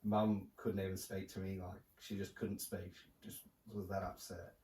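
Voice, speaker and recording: A young man speaks as a podcast guest, low and mellow in tone with little rise and fall. He talks haltingly, full of fillers and restarts. He sits a little back from the mic in a roomy space with faint noise behind him. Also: little pitch movement, distant mic. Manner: halting, soft-spoken storytelling with many fillers. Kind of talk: casual podcast conversation.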